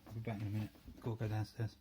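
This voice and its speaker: A man's voice: on the low side, completely flat delivery, racing, background noise. Chatty North London man crafting. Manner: chatty, thinking aloud while working. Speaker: crafting video host. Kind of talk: casual hands-on tutorial. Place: home workroom.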